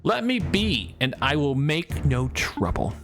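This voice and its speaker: A man's voice: a little high, very animated, measured pace, music in the background. A man voicing a small, brave male mouse warrior in a video game, plucky and defiant. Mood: wary.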